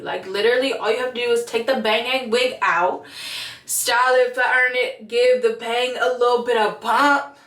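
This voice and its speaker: Her voice is a little high and fairly bright as this young beauty vlogger does a casual get-ready-with-me, talking slangily to "you guys" while fixing her wig. The recording carries a roomy echo and faint ambience, with the mic placed at a distance.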